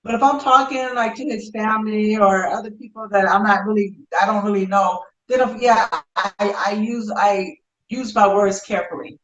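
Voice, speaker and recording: A woman's voice: mid-range voice, fairly even intonation, normal speed, hardly any pauses, muffled recording. A woman from the United States, a guest in a casual interview chat, who talks thoughtfully and often repeats herself while she finds her words. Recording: roomy echo, distant from the mic.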